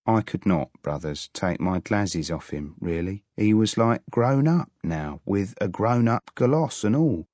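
Male audiobook narrator, wry first-person read, slow, dry booth. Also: lowish voice, animated, a little mellow, no echo.

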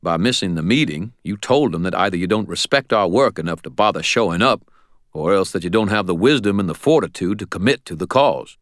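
A man's voice: sits low, lively intonation, fairly quick, no echo, studio quality. A man voicing a stern, blunt old male wizard mentor who scolds in a growling, folksy way. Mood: angry.

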